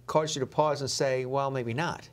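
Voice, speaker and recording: A woman's voice: rumbling low, steady tone, normal speed. A woman hosting a casual interview, supportive, often rephrasing what her guest says. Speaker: interview host.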